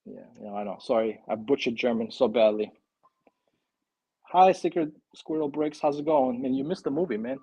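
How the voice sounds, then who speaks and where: A man chats casually to his live-stream viewers while building, thinking aloud and getting excited as he goes. His voice is gravelly and a bit husky, at a middling pitch. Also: normal speed, dull audio. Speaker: live-stream host building a toy kit.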